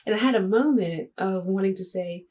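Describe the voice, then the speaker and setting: A woman's voice: mid-range voice, a little mellow. A young woman vlogger telling a personal story to the camera in a chatty, dramatic, joking way. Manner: chatty, dramatic, jokey, quick asides.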